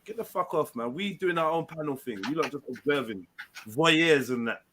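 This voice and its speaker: A man's voice: fairly high pitch, animated, normal speed, a bit bright, a little hiss or hum. A man hosting a live online panel, brash and teasing, swearing freely in casual banter. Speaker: panel host.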